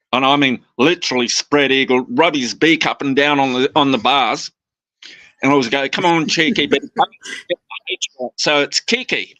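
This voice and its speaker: A man's voice: on the high side, bright, forceful tone, dry recording. A man chatting as a guest about his parrots, rambling with restarts and mimicking his birds' phrases, talking into a phone. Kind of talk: casual chat.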